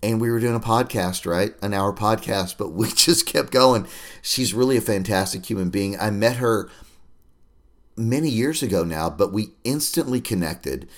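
A man's voice: fairly low pitch, normal speed. A man hosting a podcast, chatting casually with a friend, laughing often and cursing freely. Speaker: podcast host. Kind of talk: casual chat.

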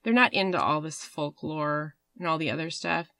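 Rambling low-voiced woman podcast host. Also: moderate pace, gravelly, a bit bright, no room sound. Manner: rambling, swearing, many fillers. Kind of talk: casual storytelling chat.

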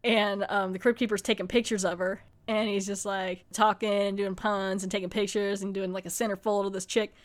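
A woman's voice: medium pitch, little pitch movement, fairly quick, hardly any pauses. A young woman hosting a podcast, casually recapping a TV episode in a rambling, chatty way full of fillers and laughs. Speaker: podcast host reviewing TV episodes. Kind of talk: casual chat recapping a show.

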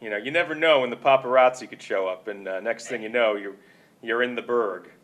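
A man hosts a casual podcast with a mid-pitched, everyday voice, chatty and joking as he rambles a bit between questions. His delivery is loose and friendly. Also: brisk, a bit bright. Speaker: podcast host. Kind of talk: casual chat.

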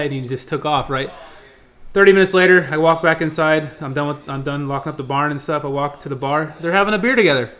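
A man's voice: on the high side, quick pace, fairly bright tone. A man co-hosting a casual chat, telling stories in a laid-back way and saying "yeah" often. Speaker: co-host, golf course worker.

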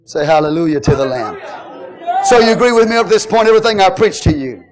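Fervent preacher, male, high-pitched, rouses the congregation with calls and shouts. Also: big pitch swings, fast, a crowd in the background. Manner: fervent preaching with call-and-response, shouting at peaks. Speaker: pastor. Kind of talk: sermon.

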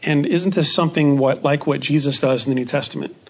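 A man teaching a Bible study lesson in a measured way, repeating key phrases for emphasis. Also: on the high side.

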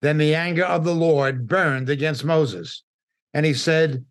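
Slow, deliberate New teacher. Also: male voice, on the high side. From New York. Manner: deliberate, emphatic, pausing between phrases. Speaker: Bible teacher. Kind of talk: midweek Bible study teaching.

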